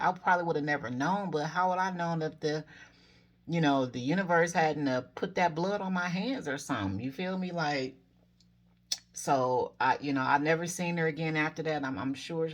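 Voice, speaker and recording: A woman's voice: deep voice, normal speed. A woman in her forties telling personal spiritual stories to her viewers in a casual, earnest way, often correcting herself mid-story and giving encouraging advice. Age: 40s. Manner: encouraging advice to fellow dreamers. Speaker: spiritual vlogger.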